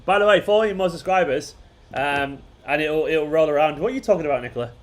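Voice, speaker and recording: A football fan channel host runs a casual live watchalong stream, chatting in a rambling way, chuckling and restarting sentences. His voice is a little high, with lively intonation and a quick pace.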